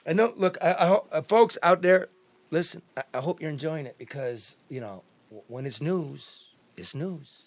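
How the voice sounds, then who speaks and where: A man's voice: fairly high pitch, lively intonation, moderate pace. A man from the American Midwest hosting a news talk show, blunt and profane, often restarting his sentences. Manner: blunt, profane, repeats himself. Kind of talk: casual talk show banter.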